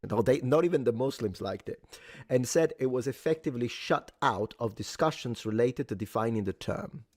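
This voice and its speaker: A man's voice: mid-range voice, animated, moderate pace, darkish tone, no room sound. A man co-hosting a talk show, reading news passages aloud and adding opinionated, indignant commentary. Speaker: co-host.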